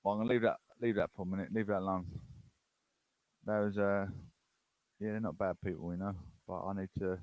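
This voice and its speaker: A man's voice: low-pitched, steady tone, a little fast, darkish tone, dry recording, low-quality recording. Brief: British male host, rambling and unsure, casual chat, dry close sound. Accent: British English. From United Kingdom.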